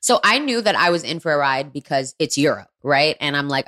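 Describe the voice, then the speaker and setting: A woman in her twenties, co-hosting a podcast and telling a story in a candid, animated way. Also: sits low, moderate pace, few pauses. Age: 20s. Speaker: podcast co-host. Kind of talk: casual chat.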